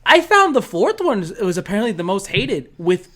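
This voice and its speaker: A man's voice: sits high, sing-song, moderate pace, fairly bright tone. Chatty young male podcast guest. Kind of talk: casual podcast chat.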